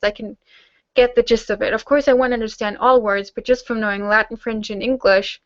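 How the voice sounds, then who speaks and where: A woman's voice: a little high, no room sound, dull audio. A young German woman hosting a casual Q&A hangout, chatting with lots of fillers and restarts. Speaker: host; teacher-training student.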